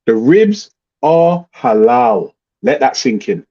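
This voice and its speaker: Middle-aged host, dark husky voice, lively pitch, muffled lo-fi stream audio, blunt and sweary. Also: male voice, takes it slowly. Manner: blunt, swearing, animated storytelling. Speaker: livestream host. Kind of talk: casual ranting chat.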